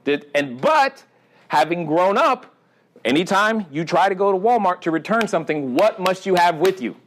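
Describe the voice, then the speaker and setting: Animated man quizzing a live audience. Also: high-pitched, normal speed. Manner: animated storyteller, quizzes the audience, acts out dialogue. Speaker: podcast host speaking at a live seminar. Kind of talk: live seminar talk with audience interaction. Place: event room with a live audience.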